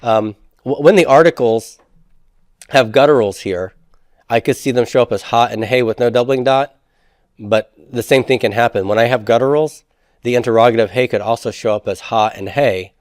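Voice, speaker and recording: A man at an ordinary middle pitch gives a grammar lecture. He talks things through by posing questions and then answering them. The sound is dry and close, with no room echo. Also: normal speed. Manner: explanatory, asks rhetorical questions and answers them. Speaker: Hebrew instructor. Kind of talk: classroom lecture.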